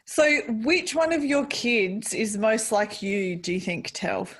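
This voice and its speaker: A woman's voice: medium pitch, expressive, slow. A woman hosting a casual podcast chat, asking questions and answering with short reactions. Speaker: podcast host. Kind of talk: casual interview.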